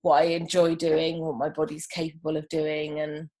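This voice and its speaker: A woman with a lowish voice speaks as an interview guest in a relaxed conversation. She talks in an unhurried, thoughtful way and often pauses on an um. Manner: thoughtful, unhurried, with frequent ums. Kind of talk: casual chat.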